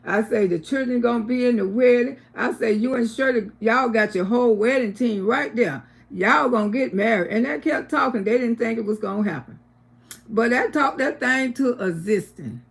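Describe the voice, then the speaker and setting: Older woman hosting a livestream, gravelly voice, animated storyteller who acts out the quotes. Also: on the high side, normal speed. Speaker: livestream host. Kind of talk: casual storytelling to viewers.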